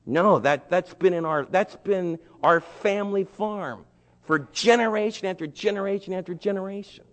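A man voicing a steadfast farmer who earnestly refuses, a little higher than his own voice, in a large echoing hall. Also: moderate pace, close to an everyday voice. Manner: earnest, pleading.

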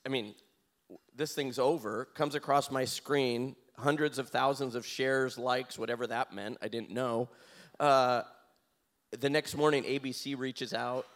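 A man appears as an interview guest and tells a personal story, animated and laughing as he acts out his own lines. His mid-range voice is a little slow.

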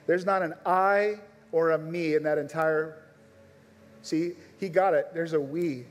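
A man's voice: on the high side, normal speed. A man preaching a sermon at a live church service, making earnest, urgent appeals straight to his listeners. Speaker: pastor. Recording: long reverb of a large church hall.

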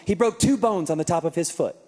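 A man's voice: a little high, fast talker, dark tone, voice pushed down, natural voice. Man quoting a pointed wife, blunt, teasing, phone call, echoing hall. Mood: accusing.

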